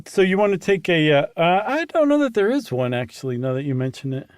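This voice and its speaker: Male co-host, higher voice, animated and quick to laugh, dry close mic. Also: smooth, no room sound. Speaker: podcast co-host. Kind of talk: casual chat.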